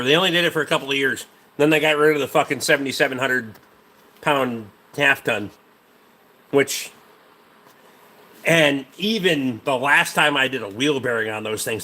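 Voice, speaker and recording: A man's voice: a little high, bright, forceful tone. A man hosting a casual livestream, a mechanic rambling about truck parts and swearing freely while answering chat.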